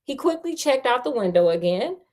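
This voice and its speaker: A woman's voice: mid-range voice, animated, measured pace. A woman reading a novel aloud casually, breaking off for playful, chatty asides. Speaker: storyteller. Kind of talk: casual read-aloud storytelling.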